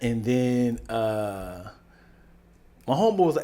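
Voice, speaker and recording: Animated man telling a story. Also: mid-range voice, unhurried. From United States. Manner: animated storyteller, jumps into loud put-on voices. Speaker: podcast co-host. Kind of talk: casual chat.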